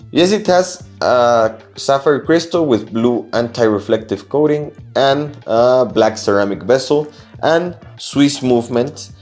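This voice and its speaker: A man whose first language is Spanish talks through a watch review at a mid pitch, earnest and opinionated, and now and then restarts a phrase. Faint music plays behind him. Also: a little mellow. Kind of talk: casual review vlog.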